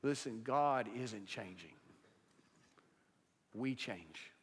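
Man, pastor, sermon, emphatic, swings loud to hushed, mid pitch, long church reverb. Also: lively intonation, extremely slow, slight background noise. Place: church sanctuary with a congregation.

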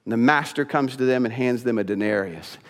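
A man preaching a sermon as pastor, telling the story with lively acted-out voices. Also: medium pitch, fairly quick, in a large hall. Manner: acts out quoted voices, animated storytelling.

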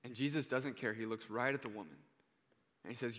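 A young man preaching an earnest, heartfelt sermon, his voice bright and forward. He often sinks to a hushed tone to land a point. Long reverb from the hall trails behind every line. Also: mid-range voice, fairly even intonation, a little fast.

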